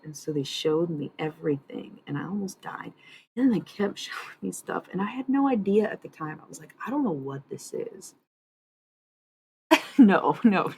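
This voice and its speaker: Low-voiced woman streamer, dreamy and meandering. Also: darkish tone, a little hiss or hum, rough recording. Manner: dreamy, meandering, laughs often. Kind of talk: casual livestream chat about channeling.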